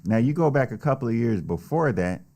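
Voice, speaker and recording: A man's voice: mid-range voice, expressive, brisk, a little mellow. A man delivering a blunt, heated, heavily profane solo political rant. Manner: blunt, heated, swears often. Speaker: political commentator.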